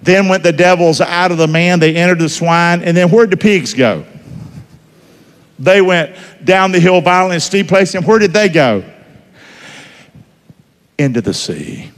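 A male preacher, folksy and animated, keeps quizzing his church. His voice sits a bit high and bounces through a wide range. The sound rings with the long reverb of a big hall. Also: measured pace, long pauses. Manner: folksy, asks the congregation questions, swings between loud and hushed. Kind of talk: sermon.

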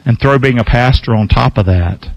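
A man's voice: medium pitch, moderate pace, no echo, highs cut off. A man in his sixties, a pastor preaching a folksy, emphatic sermon with call-and-response to his congregation.

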